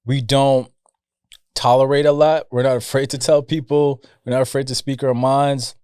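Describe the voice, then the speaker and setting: Young man, podcast co-host, casual storytelling, Jamaican background, middle pitch, dry close sound. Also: moderate pace, clear, resonant tone, no echo. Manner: animated, laughing banter. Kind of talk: casual chat.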